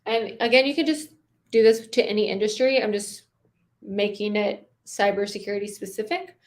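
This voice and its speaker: A young adult woman teaches sales technique in a relaxed, chatty way. She slows down, stresses single words and lets pauses hang. Her voice sits at an ordinary middle pitch. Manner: conversational, slows down and pauses for emphasis. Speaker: sales coach. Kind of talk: casual teaching with spoken sales examples.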